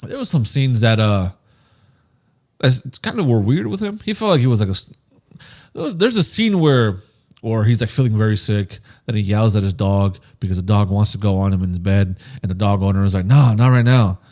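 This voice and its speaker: Animated, swearing podcast guy. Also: lowish voice, brisk. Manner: animated, profane, acts out quoted voices. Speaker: podcast co-host. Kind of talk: casual chat.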